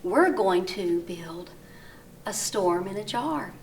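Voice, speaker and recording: A woman teaching a recorded lesson to young children, gently coaxing and asking them questions, reading sentences aloud with exaggerated rises and falls of her voice. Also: medium pitch, expressive, gravelly, recorded from a distance, a little hiss or hum. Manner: slow, exaggerated read-aloud with rising and falling voice.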